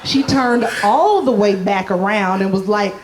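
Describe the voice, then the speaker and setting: A woman doing a playful, self-mocking stand-up set, jumping into quick character voices as she tells her stories. The live room has clear background noise under her voice. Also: medium pitch, crowd noise. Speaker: stand-up comedian.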